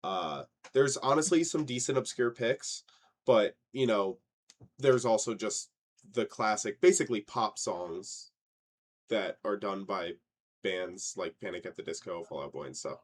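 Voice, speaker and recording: A young man with a lowish voice co-hosts a casual podcast chat. He tells stories in an animated way, swears freely and jumps up in loud, mocking bursts when something annoys him. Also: unhurried. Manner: animated storyteller, swears, mocks wrong lyrics with rising outbursts. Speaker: podcast co-host.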